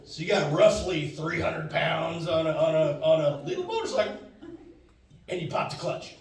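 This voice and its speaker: A man's voice: a little high, sing-song, moderate pace. A man telling a stand-up story, rambling and acting out his friend's lines. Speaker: stand-up comedian. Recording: echoey room from far off.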